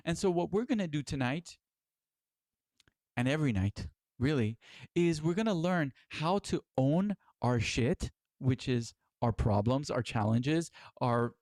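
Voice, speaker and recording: A man's voice: fairly high pitch, a little mellow, dry recording, clean studio sound. A middle-aged man giving a spiritual lecture as its teacher, earnest and exhorting, with casual swearing.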